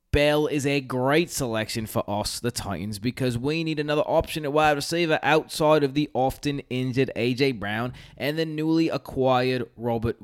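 Man doing a put-on Australian accent, mid-pitched voice, reading notes, stumbles and restarts. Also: close to an everyday voice.

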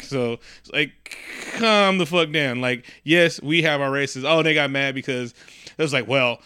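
A man's voice: medium pitch, pushed and bright, smooth, dry recording, studio quality. A middle-aged man from the Bay Area, co-hosting a casual, profane comedic chat, rambling and laughing often. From San Francisco Bay Area. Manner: loose, rambling, laughs a lot, swears freely. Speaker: podcast co-host.

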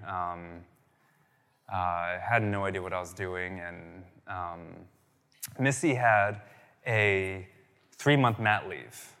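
A man's voice: lowish voice, a bit bright. Conversational man preaching in a big hall. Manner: conversational, storytelling, asks "right?" often. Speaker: pastor. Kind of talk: sermon. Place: church.

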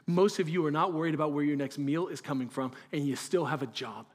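High-voiced earnest male preacher. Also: fast talker. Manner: earnest, conversational preaching with rhetorical questions. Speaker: pastor. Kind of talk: sermon.

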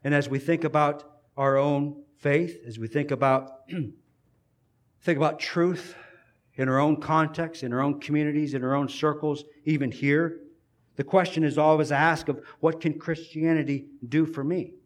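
A man preaching a sermon in an earnest way, building emphasis and pausing between phrases. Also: fairly high pitch, steady tone.

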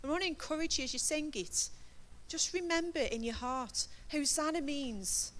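A woman's voice: high-pitched, expressive, moderate pace, a bit bright. A woman preaching a sermon from a church stage, earnest and emphatic as she encourages the congregation.

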